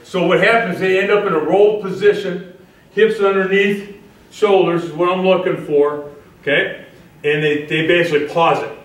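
A man's voice: high-pitched, steady tone, normal speed. A man coaching defensive line drills, checking in with "okay?" and calling out drill cues. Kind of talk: coaching clinic demonstration. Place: indoor training facility with a wall. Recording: echoey indoor space, mic held far off.

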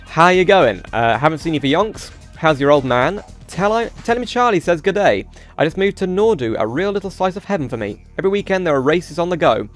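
A man's voice: on the high side, very animated, brisk, soft background music. A man reading the lines of a friendly uncle, a retired racer turned mechanic, plainly and without putting on an accent. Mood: cheery.

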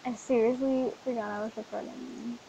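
A woman hosting a casual gameplay commentary, chatty and excitable, full of exclamations. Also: fairly high pitch, moderate pace, gravelly. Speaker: host. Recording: dull lo-fi mic with faint hiss.

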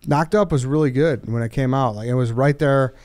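A man's voice: medium pitch, fairly quick, a little mellow. A man hosting a casual podcast, keeping the conversation moving in an easygoing way. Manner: easygoing, moves the conversation along. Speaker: podcast host running a draft.

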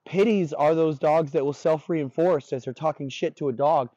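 A man with a warm, relaxed voice talks as a dog trainer, blunt and plain-spoken. He swears casually. The recording sounds dry and dull. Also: a little high, normal speed, no echo. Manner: blunt, profane, confident explaining. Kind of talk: casual on-the-job instruction.

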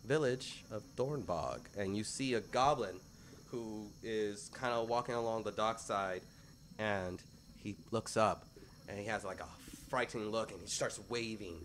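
A man's voice: on the low side, measured pace, fairly bright tone, slight background noise. A man narrating a tabletop game as dungeon master, in a loose, rambling way.

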